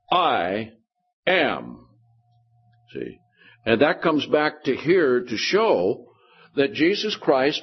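A man's voice: medium pitch, husky, dull audio. A male pastor preaching a Bible study sermon, explaining scripture verse by verse and checking in with his listeners.

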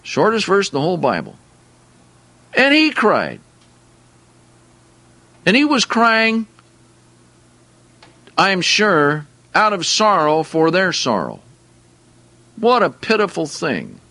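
A man teaching a sermon with a fairly high, animated voice that rises and falls a lot. He reads scripture aloud and then comments on it in everyday language. The sound is dry, with no room echo. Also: slow, pauses often. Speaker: preacher.

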